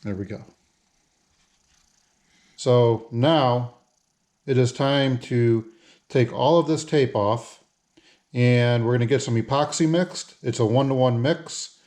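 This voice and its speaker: A man narrating his own hobby video in a casual how-to style. He talks through each step as he works, at a middling pitch for a man. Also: slow, pauses often, darkish tone. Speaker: hobby lure painter.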